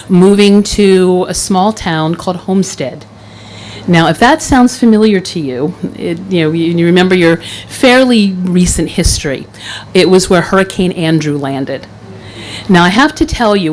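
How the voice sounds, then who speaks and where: Lowish-voiced woman telling a wry story. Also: darkish tone, slight background noise, poor audio. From Philadelphia area, US. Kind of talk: live personal storytelling. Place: event stage in front of an audience.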